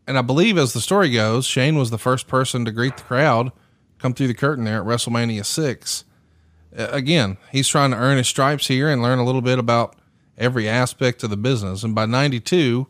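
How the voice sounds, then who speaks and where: A man's voice: mid-range voice, dry recording. Man reading a prepared history, dry. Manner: reads notes in a steady, measured way with fillers. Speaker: podcast host.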